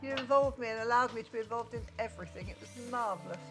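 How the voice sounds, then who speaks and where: Older woman, fond and teasing, rambling stories, slightly high voice, home kitchen, music underneath. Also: rapid-fire. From London. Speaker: cooking co-host and mother figure. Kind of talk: casual cooking chat.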